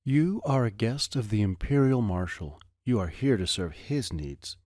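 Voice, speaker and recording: A man reading the part of a grave young woman held captive, speaking in measured, formal phrases. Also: on the low side, animated, a little mellow, no room sound, studio quality. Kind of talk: audiobook character reading.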